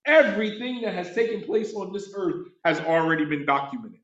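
A man's voice: sits high, lively intonation, brisk, fairly bright tone, recorded from a distance. A man giving an Islamic lecture to a live audience, passionate and emphatic, reciting Arabic verses and translating them. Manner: passionate, emphatic, call-and-response asides. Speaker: religious teacher. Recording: echoey, slightly dull room recording.

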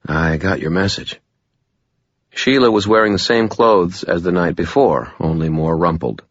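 Brief: male audiobook narrator, first-person, wry and dry, extremely deep, husky, dull lo-fi sound. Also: no room sound.

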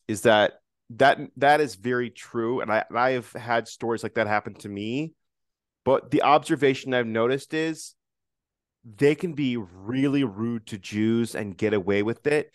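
A man's voice: lowish voice, no room sound, clean studio sound. A young man hosting a casual conversation over a video call, earnest and repeating himself as he builds his point. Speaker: podcast host.

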